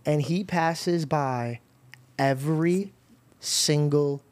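A man hosting a podcast, telling stories in a lively, animated way with casual swearing. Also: on the high side, drawn-out words. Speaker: podcast host. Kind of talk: casual chat.

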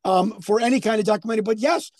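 Excitable guest guy, really high voice, repeats himself a lot, super dry close sound. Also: very fast, no echo. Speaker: podcast guest. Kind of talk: casual chat and storytelling.

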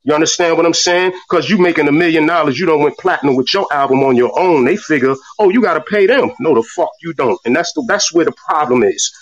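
Over a noisy crowd in an online voice room, a middle-aged man delivers a fiery, profane rant, often stumbling over repeated words. His voice is on the high side and fast with hardly any pauses, and the distant phone audio is muffled and breaking up.

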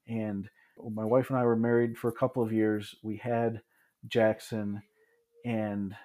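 This Michigan man in his thirties has a mellow, lowish voice. Appearing as a podcast guest, he recounts his story in a relaxed, thoughtful manner, frequently starting over and slipping in side remarks.

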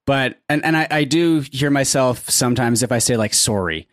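A man's voice: medium pitch, moderate pace, dry recording. Hesitant Canadian man, dry sound. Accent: Canadian, Pacific Northwest. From Western Canada. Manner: hesitant, many restarts and "like". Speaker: podcast co-host. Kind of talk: casual chat.

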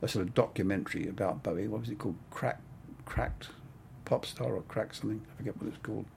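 A low, gravelly older man recalling his work as a cinematographer in an easygoing interview. He rambles, circling back with "I mean" and "you know". A faint hiss sits under the recording. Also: fast talker, darkish tone. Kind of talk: casual interview storytelling.

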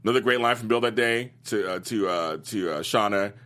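A man's voice: on the low side, a little fast. A man co-hosting a podcast, chatting casually about the week's soap episodes and quoting characters in playful voices. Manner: animated, quotes characters in playful voices, laughs often. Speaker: podcast co-host. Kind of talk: casual chat reviewing a TV soap.

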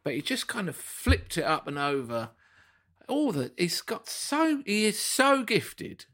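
Man, football fan, bright excitable chatter. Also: high-pitched, unhurried. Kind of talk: casual chat.

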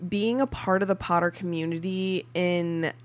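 A woman's voice: lowish voice, normal speed. A young woman co-hosting a podcast, chatting casually with plenty of fillers. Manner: relaxed, chatty, lots of fillers. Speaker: podcast co-host. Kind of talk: casual chat.

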